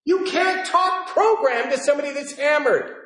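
A man in his sixties sharing his personal story with a live audience at a recovery meeting, animated and swinging between loud and hushed. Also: very high-pitched, normal speed. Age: 60s. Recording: echoey hall recording.

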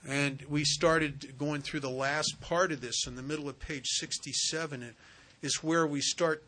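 Bright-voiced man telling a recovery story. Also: fairly high pitch, steady tone, a little slow. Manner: conversational, earnest storyteller. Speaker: recovery meeting speaker and sponsor. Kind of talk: storytelling talk at a recovery meeting.

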